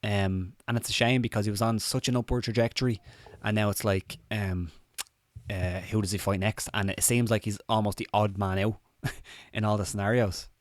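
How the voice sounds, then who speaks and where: A man's voice: lowish voice, steady tone, normal speed, no echo, studio quality. A man with a slight cold co-hosting a casual live chat, loose and sweary, laughing often. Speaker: podcast co-host.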